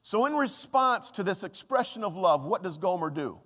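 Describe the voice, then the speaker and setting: Man preaching, high animated voice, rises n drops a lot, big hall echo. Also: normal speed. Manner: impassioned preaching, dramatic rises and drops when quoting God. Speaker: pastor. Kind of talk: sermon.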